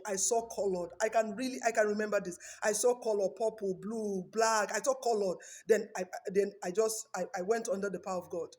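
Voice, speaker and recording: A woman's voice: medium pitch, darkish tone. A middle-aged woman telling a personal religious testimony, repeating phrases and ending in preachy appeals to her listeners. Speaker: vlogger giving a religious testimony.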